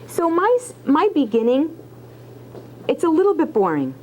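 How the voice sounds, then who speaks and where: A woman's voice: high voice, huge pitch swings, moderate pace, darkish tone, a little hiss or hum, low-quality recording. A woman teacher leading a writing lesson, asking question after question and encouraging her students. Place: classroom.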